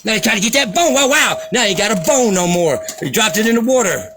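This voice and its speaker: Guy vlogging, really fired up and cussing, high voice jumping all over the place. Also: expressive, quick pace, music in the background. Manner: profane, fired-up, sarcastic. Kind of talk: angry ranting commentary.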